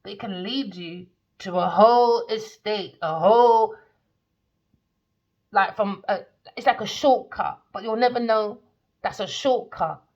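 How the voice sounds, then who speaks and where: Emphatic, gravelly-voiced woman reading tarot. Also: mid-range voice, unhurried, darkish tone. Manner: rambling, emphatic, slangy. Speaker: tarot reader. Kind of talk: casual tarot reading monologue. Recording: dull lo-fi recording.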